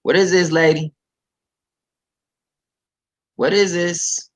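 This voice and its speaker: A man's voice: high-pitched, fairly even intonation, slow pace, poor audio. A man preaching casually on a livestream, talking straight to his viewers, reading scripture aloud and commenting on it, with emphatic repetition.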